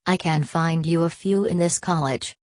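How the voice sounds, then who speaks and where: A woman's voice: deep voice, normal speed, darkish tone, no echo, natural voice. A woman voicing a proud, aloof young male student from an audiobook novel, speaking coolly and defiantly.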